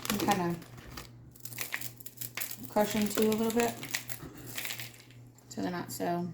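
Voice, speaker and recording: A woman's voice: mid-range voice, steady tone, slow pace, gravelly. A woman hosting a casual home cooking demonstration, chatty and self-deprecating, talking straight to her viewers. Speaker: cooking video host. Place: home kitchen. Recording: echoey kitchen with loud background noise.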